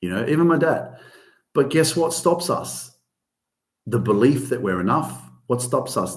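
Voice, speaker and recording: This podcast host has a lowish, slightly mellow voice, heard with a roomy echo. On his casual motivational show he talks with emphasis, curses a lot, and pushes his voice up when he hits the big points.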